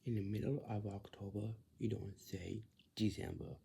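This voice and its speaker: A man's voice: fairly low pitch, fairly even intonation, normal speed, vocal fry, warm tone, slight background noise. A man talking casually in a repetitive, lecturing way, often ending lines with "right?" and sometimes dropping into a whisper. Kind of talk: casual monologue.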